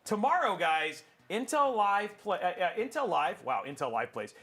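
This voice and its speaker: A man's voice: sits high, very animated, normal speed, a bit bright. A man hosting a gaming livestream, upbeat and promotional, joking between announcements. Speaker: show host.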